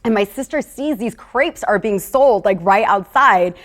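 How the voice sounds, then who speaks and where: An upbeat woman hosts a live tasting at a middling pitch. She chats straight to her viewers and wanders into personal stories. Her tone is casual and friendly. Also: measured pace, a bit bright. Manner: talks straight to viewers, calling them "you guys". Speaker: host of a live wine tasting. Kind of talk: casual live-stream hosting.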